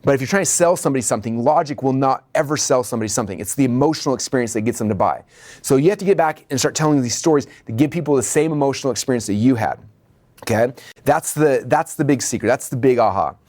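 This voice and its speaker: A man's voice: mid-range voice, quick pace, a little mellow. A man coaching a business training lesson with energy, checking in with "okay?" and "right?" and acting out the dialogue in his stories.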